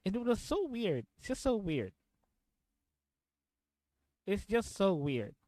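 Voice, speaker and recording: A man's voice: sits high, very animated, slow, darkish tone, no room sound. A man chatting casually on a live stream, rambling, repeating himself and laughing often.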